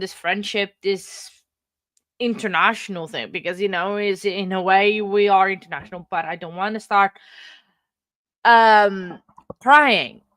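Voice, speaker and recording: A woman's voice: medium pitch, fairly bright tone, dry recording. Woman not speaking her chatting on a home livestream, emotional, dry sound. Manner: chatty, emotional, greets viewers by name, many fillers. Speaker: livestream host. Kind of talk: casual livestream chat. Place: home room. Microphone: computer mic.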